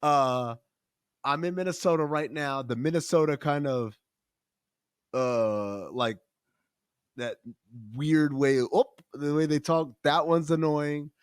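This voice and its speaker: A man's voice: on the high side, slow, long pauses, clear, resonant tone, no echo, clean studio sound. A man co-hosting a casual podcast chat, opinionated and joking as he pokes fun at regional accents. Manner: animated, opinionated, mocks accents. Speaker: podcast co-host.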